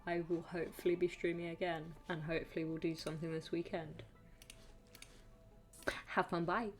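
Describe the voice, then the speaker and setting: A woman's voice: fairly low pitch, level tone, fast talker, a little mellow. A woman gives casual commentary while playing a game on stream, muttering and chatting to herself. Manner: chatty, mutters to the game, playful sing-song asides.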